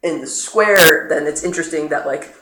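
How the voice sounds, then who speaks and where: A streamer chatting casually over gameplay, rambling with many fillers and sudden jumps in pitch. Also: moderate pace, sharp tone. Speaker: streamer playing the game. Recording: roomy echo, faint noise.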